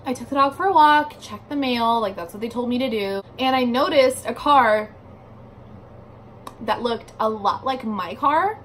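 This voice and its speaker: A woman's voice: a little high, moderate pace, slight background noise. A young adult woman telling a story in a casual vlog from her bedroom, chatty and filling her speech with "like", swearing casually. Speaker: vlogger.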